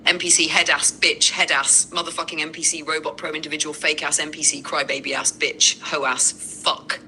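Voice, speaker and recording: A foul-mouthed female AI assistant voiced by a woman that erupts in profane insults. Her voice sits a touch low yet rings very bright and sharp. Her rage is crude and relentless. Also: level tone, normal speed, gravelly, slight background noise, full character voice, low-quality recording. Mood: furious cursing.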